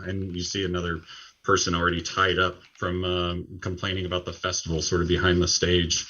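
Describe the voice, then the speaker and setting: Deep-voiced man narrating a tabletop game. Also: level tone, sharp tone, lo-fi sound. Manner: measured storytelling with "uh" fillers. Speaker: game master.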